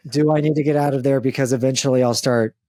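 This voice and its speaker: A young man hosting a podcast in relaxed, joking conversation. His voice sits at an ordinary middle pitch. The sound is dry and close, and his talk runs loose with fillers and the odd curse. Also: quick pace, no echo. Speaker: podcast host. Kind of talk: casual comedic chat.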